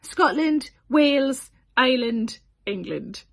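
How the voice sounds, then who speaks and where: Giddy, chatty high-voiced woman. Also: lively intonation, takes it slowly. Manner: chatty and giggly, self-deprecating asides. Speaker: comedian announcing tour dates. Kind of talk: casual chat to camera.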